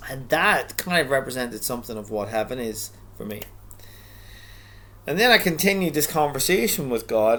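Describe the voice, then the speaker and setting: A middle-aged man reading his own story aloud in a relaxed, reflective way, stopping often for rambling asides and restarts. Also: medium pitch.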